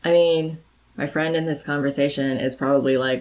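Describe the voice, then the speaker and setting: A woman's voice: low-pitched, fairly even intonation, moderate pace, a little mellow, rough recording. A middle-aged woman giving encouraging, conversational advice straight to the camera, repeating her key phrases for emphasis. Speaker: life coach vlogger. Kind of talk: direct-to-camera advice talk.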